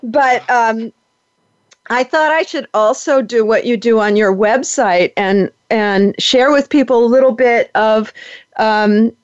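A man hosting a casual interview, talking hesitantly with many pauses and soft laughs. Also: very high-pitched, smooth, no room sound. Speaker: podcast host. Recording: dull lo-fi, dry audio.

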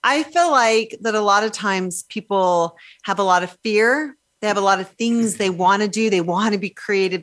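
A woman's voice: mid-range voice, a bit bright. A woman guest on a radio talk show who speaks earnestly and encouragingly about living freely. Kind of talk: casual radio chat.

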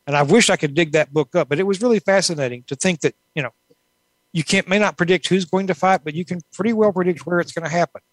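A woman's voice: lowish voice, fast, dry recording, poor audio. A woman author answering interview questions in a thoughtful, rambling way, with many asides. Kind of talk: casual conversational interview.

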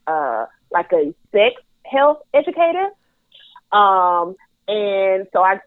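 A woman's voice: fairly low pitch, no echo. Southern woman from north carolina, chatty guest, lots of ums, tinny phone line sound. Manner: chatty, with many fillers and restarts. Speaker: guest sex educator. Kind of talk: podcast interview.

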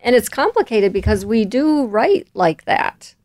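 A woman being interviewed, telling personal stories in a relaxed way and laughing easily. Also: a little high, unhurried, no room sound, studio quality. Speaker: guest, volunteer and coach. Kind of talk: conversational interview.

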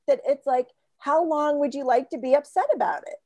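A woman talking as a podcast guest in an animated way, laughing often as she tells stories. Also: high voice, a little fast, dry recording, studio quality. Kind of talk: casual podcast conversation. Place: Florida.

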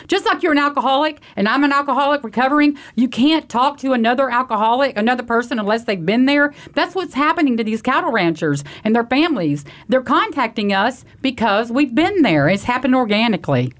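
A woman's voice: high-pitched, lively intonation, a little fast, few pauses. A woman from Texas, a guest answering interview questions in an earnest, conversational way with frequent restarts. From Texas, USA. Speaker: guest, animal sanctuary founder.

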